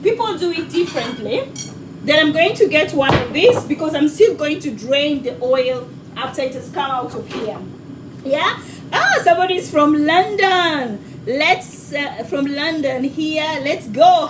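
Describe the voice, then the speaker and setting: A woman with a high, bouncy voice hosts a live cooking stream from her home kitchen. She chats warmly with viewers, calling them sweetheart. Her voice is a little distant from the mic, and there is faint noise behind her. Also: big pitch swings, unhurried. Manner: chatty and affectionate, calls viewers sweetheart. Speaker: cooking show host.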